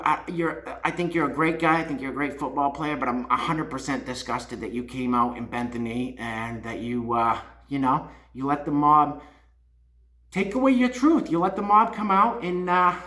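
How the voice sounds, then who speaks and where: Heated man ranting in an echoey room. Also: medium pitch. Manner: heated, scolding, repeats himself, swings loud and quiet. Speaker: YouTube channel host. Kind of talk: opinion rant to camera.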